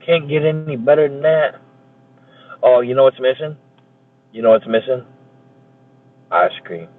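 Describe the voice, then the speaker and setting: A man's voice: mid-range voice, a little slow. A man live streaming, joking and swearing casually as he chats with viewers and thanks them for gifts. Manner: profane, jokey banter with chat. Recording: tinny phone-like sound.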